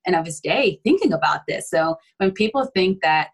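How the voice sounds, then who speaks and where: A woman with a slightly low voice speaks as a guest on a podcast. She talks openly and with feeling, leaning on fillers like "like" and "you know." Her delivery is relaxed and unscripted. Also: normal speed, low-quality recording. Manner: open and emotional, with frequent filler words. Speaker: guest, adoptee. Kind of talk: casual conversation.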